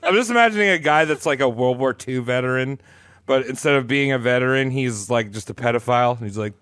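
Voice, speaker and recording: A man's voice: mid-range voice, brisk, fairly bright tone, smooth, dry recording, studio quality. A man co-hosting a comedy podcast, making crude jokes. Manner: crude, joking. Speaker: podcast co-host.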